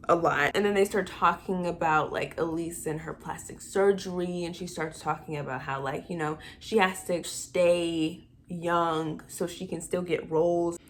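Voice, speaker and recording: A woman casually retelling a film plot with animated, exasperated asides. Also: fairly low pitch. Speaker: movie recap vlogger. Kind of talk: casual movie recap.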